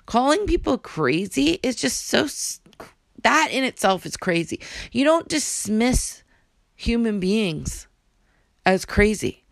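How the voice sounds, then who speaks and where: A woman's voice: fairly high pitch, big pitch swings, slow, vocal fry, dry recording. A woman ranting in a casual vlog, blunt and emphatic, who drops into whispered asides. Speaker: vlogger.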